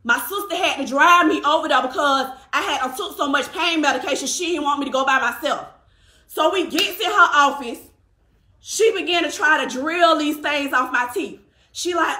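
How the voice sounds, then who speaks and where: A woman tells her own story in lively, casual speech. Her voice is high and bright. She slips into quoted voices, and the room has a noticeable echo. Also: normal speed. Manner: animated, acts out quotes of others.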